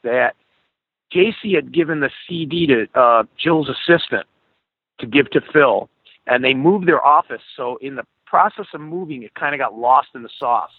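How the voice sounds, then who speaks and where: A middle-aged man spinning a story, and he jumps into the voices of the people in it. His voice sounds husky and comes over a thin, phone-like line with no room sound around it. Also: mid-range voice, normal speed, no echo. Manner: animated storyteller, acts out quoted dialogue. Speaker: guest musician. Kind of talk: storytelling in a podcast interview. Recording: tinny phone-like call audio.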